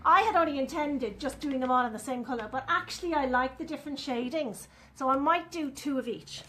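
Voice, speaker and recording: A woman's voice: high voice, brisk, bright, forceful tone, a little hiss or hum. A woman, chatting through a live furniture painting demonstration and talking to viewers as she works. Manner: chatty, talks viewers through each step.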